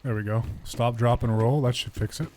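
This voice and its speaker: A man's voice: mid-range voice, steady tone, a little fast, a little mellow, slight background noise. A man streaming a survival game live, muttering running commentary to himself.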